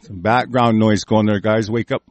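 A man's voice: fairly low pitch, fairly even intonation, moderate pace, noisy background. A man hosting a commentary show, ranting angrily and swearing heavily while stumbling through news he reads aloud. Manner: angry, cursing heavily, shouting; stumbles over words while reading.

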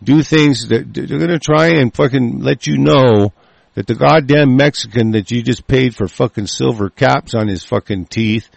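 A man's voice: mid-range voice, moderate pace, vocal fry, no echo. A man in an angry, profane rant as he reads out a news article and breaks off with stammering restarts. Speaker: political ranter reading a news article.

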